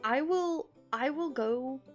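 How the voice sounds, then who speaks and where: A woman's voice: high-pitched, slow pace. A woman chatting casually while streaming her drawing at home, rambling with lots of "like"s and frequent laughs. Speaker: art streamer. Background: soft guitar music.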